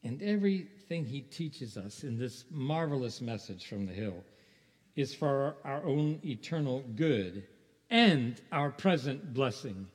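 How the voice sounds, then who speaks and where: A man's voice: mid-range voice, lively intonation, measured pace. A man preaching a sermon in a conversational way, asking rhetorical questions and chuckling now and then. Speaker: pastor. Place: church sanctuary. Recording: long hall reverb.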